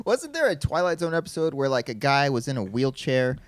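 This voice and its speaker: Fast-talking young podcast co-host. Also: male voice, mid-range voice, sing-song, dry recording, studio quality. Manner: rambling, laughs easily. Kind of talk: casual chat.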